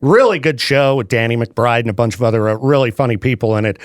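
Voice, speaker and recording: A man's voice: mid-range voice, fast, no echo, clean studio sound. A man hosting a radio show, chatting casually and laughing often. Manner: lively, animated, laughs often. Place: radio studio.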